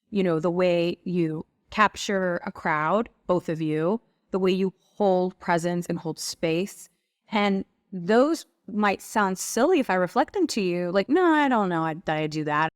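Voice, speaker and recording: A woman's voice: medium pitch, no echo, clean studio sound. A woman guest who leads women's retreats, speaking in a flowing, earnest, reflective way with frequent filler words. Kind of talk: reflective conversational coaching talk.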